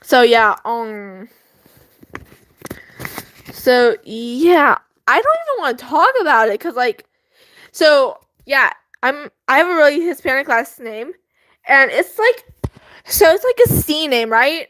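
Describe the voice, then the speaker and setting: A woman's voice: high voice, big pitch swings, slow, long pauses, fairly bright tone, no room sound. A teenage girl vlogging from her bedroom, rambling about her school day with lots of fillers and giggles. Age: teens. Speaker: student vlogger. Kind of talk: casual chat. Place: bedroom at home.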